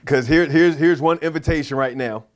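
A pastor delivering an excited sermon in a fairly high male voice. He reads scripture with lively emphasis and breaks into exuberant whoops and chuckles along the way. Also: normal speed.

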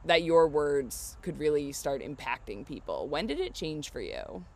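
Reflective interviewer with a lively pitch. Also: a little slow. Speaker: interviewer, host. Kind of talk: conversational interview.

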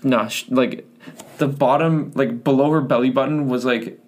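A man's voice: mid-range voice, steady tone, normal speed, darkish tone. A young man co-hosting a podcast, joking and telling school stories in a laid-back way. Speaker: podcast co-host. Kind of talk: casual chat.

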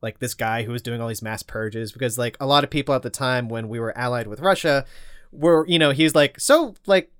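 A man's voice: medium pitch, a little fast, a bit bright, clear, resonant tone, no room sound, clean studio sound. A man co-hosting a podcast, recounting history in a rambling casual chat full of fillers and swearing. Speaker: podcast co-host.

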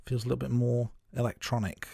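A man co-hosting a casual film review podcast, talking in a relaxed, thoughtful way with many fillers and restarts. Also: medium pitch, fast talker, gravelly, slightly rough, dry recording, clean studio sound.

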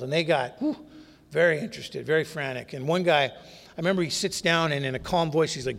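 A man's voice: fairly high pitch, a little fast, gravelly. A man telling his recovery story in a wry, candid, self-mocking way. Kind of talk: humorous personal storytelling talk. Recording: long reverb of a hall.

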